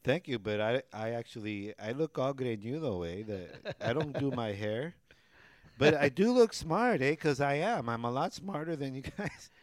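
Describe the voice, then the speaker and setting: A man's voice: medium pitch, animated, moderate pace, no echo, studio quality. A man co-hosting a casual podcast from a garage, teasing his co-host and ending lines with "eh?". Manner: teasing, tags sentences with "eh?". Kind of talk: casual chat. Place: garage studio.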